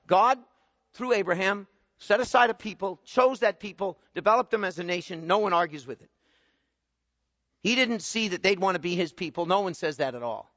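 A man preaching an expository sermon, swinging from quiet explaining to loud emphatic bursts. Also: sits high, animated, normal speed. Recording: muffled sound with long hall reverb.

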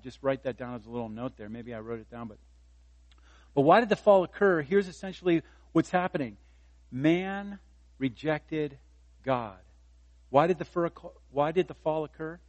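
A man in his fifties preaching a sermon, chatty, then lifting his voice to drive a point home. His voice sits a little high, and the sound is dry and close with no room echo. He tells stories on himself with easy humor. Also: darkish tone. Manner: conversational preaching, rising for emphasis, self-deprecating humor. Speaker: pastor.

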